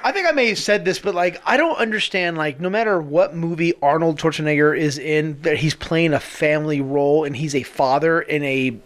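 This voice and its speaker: A man with a notably high voice co-hosts a comedy podcast, riffing casually and laughing often. He drifts into mock voices mid-story. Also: brisk, hardly any pauses. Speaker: podcast co-host. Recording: noisy podcast recording.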